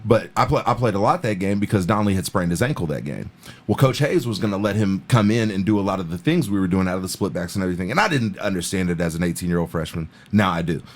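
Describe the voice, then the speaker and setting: Profane, low-voiced podcast host. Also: male voice, expressive, fast. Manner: profane, rambling storyteller. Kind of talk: casual interview chat.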